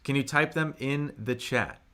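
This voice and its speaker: Young adult man, live stream teacher, mid-pitched voice, upbeat, reads chat out, slow clear modelled words. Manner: upbeat, reads chat aloud, models tones slowly and loudly. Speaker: Mandarin teacher on a livestream. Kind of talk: live online language lesson.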